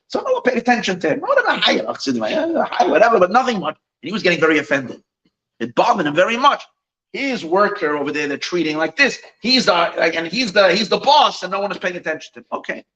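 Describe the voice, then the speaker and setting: Brief: rabbi storyteller, man, bright and lively delivery, restarts often, sprinkles in Yiddish. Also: on the high side, muffled recording. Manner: animated, full of restarts, mixes in Yiddish phrases. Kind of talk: Chassidic storytelling at an evening gathering.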